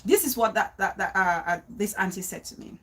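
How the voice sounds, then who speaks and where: A woman's voice: medium pitch, a little fast, noisy background. A woman hosting a casual livestream, talking straight to her viewers, repeating her points and breaking off to greet people in the chat. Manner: animated, repeats phrases, greets chat viewers mid-sentence, laughs easily. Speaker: livestream host. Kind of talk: casual live-stream talk to viewers.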